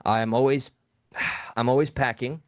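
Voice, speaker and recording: Male co-host, mid pitch, crisp dry studio sound, profane and blunt storyteller. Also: fairly even intonation, measured pace, no room sound. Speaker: podcast co-host. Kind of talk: casual live talk show storytelling.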